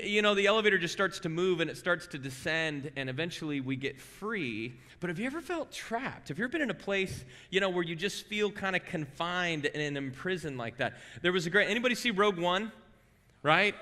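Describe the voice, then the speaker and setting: A bright, forceful male voice preaching in a church hall with a long, ringing reverb. He is a man in his forties from Southern California, giving a sermon in a conversational, animated way, full of stories and rhetorical questions. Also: on the high side. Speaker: guest preacher. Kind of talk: sermon with personal storytelling. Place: church sanctuary.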